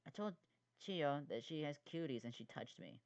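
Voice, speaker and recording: A voice actor playing a timid, whiny little boy in an animated series, with a lively voice on a dull, lo-fi recording. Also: mid-range voice, moderate pace, creaky.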